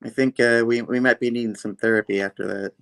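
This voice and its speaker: A man's voice: medium pitch, fairly even intonation, fast talker, gravelly, a bit bright, clean tone, dry recording. A man co-hosting a casual comic book review chat, dropping short reactions and jokes.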